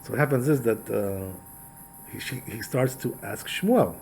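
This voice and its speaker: A man's voice: medium pitch, a little slow, gravelly, background noise. A male rabbi teaching a Torah class, retelling a story in a chatty way with frequent asides to his listeners. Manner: conversational, repetitive asides, animated retelling.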